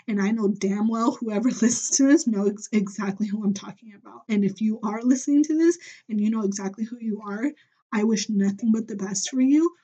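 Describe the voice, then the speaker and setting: A woman's voice: mid-range voice, warm tone, breathy edge, muffled recording. A young woman hosting a solo podcast, venting bluntly and heatedly with lots of profanity. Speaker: podcast host.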